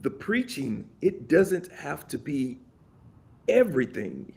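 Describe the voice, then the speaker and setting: A man's voice: fairly high pitch, sing-song, slow pace, vocal fry, a little mellow, full character voice. An American man imitating a British male worship pastor with a clumsy put-on British accent, giving emphatic, encouraging advice. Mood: advising. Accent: British, badly imitated.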